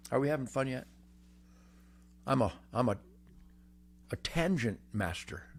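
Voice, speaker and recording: An older man hosting a rambling, boastful monologue, brash and cocky, swinging from booming shouts to low mutters. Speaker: host.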